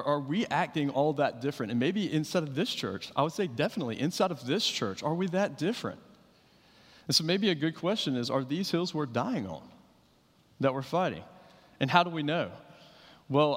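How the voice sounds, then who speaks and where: Guy in his 30s preaching, chatty, lots of ums and restarts, voice ringing around a big hall. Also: mid-range voice. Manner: conversational storytelling with fillers and repeated starts. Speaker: pastor. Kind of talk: sermon. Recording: reverberant hall.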